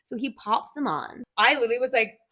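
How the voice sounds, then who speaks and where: A woman in her thirties hosting a podcast, talking in a casual, animated way and saying "like" a lot. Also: on the high side, fast. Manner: animated, heavy use of "like", laughs often. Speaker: podcast host. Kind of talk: casual chat.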